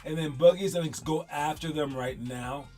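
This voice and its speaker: A man's voice: on the high side, normal speed, loud music behind the voice. A man hosting a casual solo talk show, rambling and stuttering, often repeating words as he thinks aloud. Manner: rambling, wanders off mid-thought. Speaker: podcast host.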